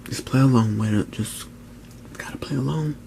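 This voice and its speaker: A man's voice: medium pitch, moderate pace, creaky, dark tone, a little hiss or hum, poor audio. A man giving a candid personal account in an earnest, conversational way, often repeating himself and saying "you know".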